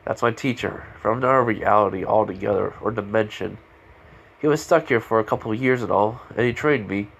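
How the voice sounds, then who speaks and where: A man voicing a blunt, bitter teenage hero in training, lecturing in a low-key way in a fan story reading. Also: fairly quick, vocal fry, a bit bright, slightly rough, exaggerated voice.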